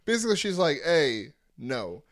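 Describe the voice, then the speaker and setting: A man's voice: a little high, big pitch swings, moderate pace, no echo, studio quality. A man co-hosting a podcast, chatting casually with wry humor and mimicking others. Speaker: podcast co-host. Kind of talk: casual chat.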